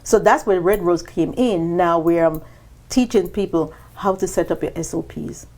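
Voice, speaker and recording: A woman guest on a business podcast, telling her story in an animated way and acting out quoted dialogue with sudden jumps in pitch. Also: normal speed.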